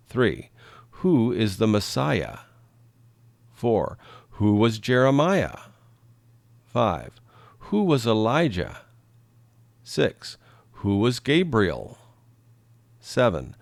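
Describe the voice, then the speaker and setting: Guy reading quiz questions for esl learners, gravelly voice, super slow and careful. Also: on the low side, no room sound. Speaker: English teacher reading lesson questions. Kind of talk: slow, clear read-aloud for learners.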